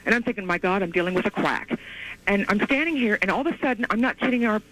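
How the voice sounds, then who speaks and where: A woman calling in to a radio show over the phone, telling her story in an excited, rambling way with many restarts. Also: mid-range voice, quick pace. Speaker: caller. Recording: tinny phone line.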